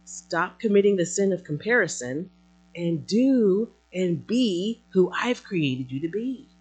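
A woman preaching a sermon in a conversational, emphatic way, acting out quotes as she goes. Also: sits low.

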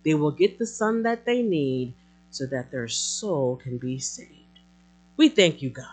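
A preacher giving an emphatic sermon and closing prayer, animated with light laughs, slowing down to stress key words. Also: mid-range voice.

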